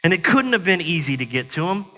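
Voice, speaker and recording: High, bright-voiced man preaching. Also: sing-song, fast talker. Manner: conversational, self-mocking humor. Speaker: pastor. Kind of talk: sermon. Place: church sanctuary. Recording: long church-hall reverb.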